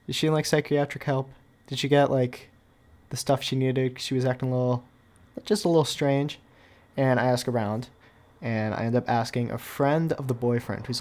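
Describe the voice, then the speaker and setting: A man's voice: mid-range voice, a little mellow. Rambling young man telling a story. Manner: rambling, filler-heavy with constant "like"; offhand, wry asides. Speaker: storytime YouTuber. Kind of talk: casual storytelling.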